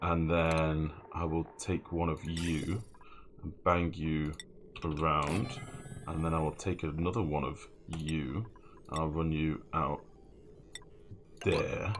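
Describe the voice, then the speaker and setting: A man's voice: extremely low pitch, fairly even intonation, slow pace, long pauses, a little hiss or hum. A man chatting casually and swearing freely while he streams a game and answers chat. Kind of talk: casual gameplay commentary.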